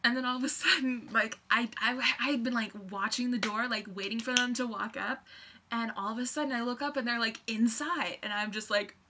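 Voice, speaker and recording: A young woman telling a story on her vlog, excitable and rambling, full of fillers and restarts. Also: a little high, a little fast. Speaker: vlogger.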